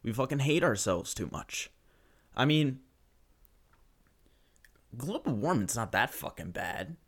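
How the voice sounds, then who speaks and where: A man's voice: mid-range voice, big pitch swings, slow, slightly rough. A young man ranting profanely and sarcastically through a solo podcast monologue.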